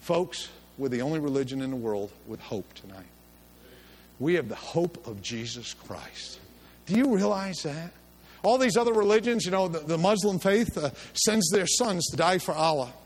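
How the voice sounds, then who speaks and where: A man's voice: a little high, expressive, moderate pace. A middle-aged man preaching a sermon in a church service, telling stories in a folksy, chuckling way. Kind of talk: sermon with storytelling.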